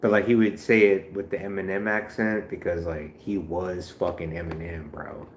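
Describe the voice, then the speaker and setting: A man's voice: sits low, flat delivery, normal speed, reverberant, slight background noise. A man live streaming in casual chat, rambling and profane, full of slang.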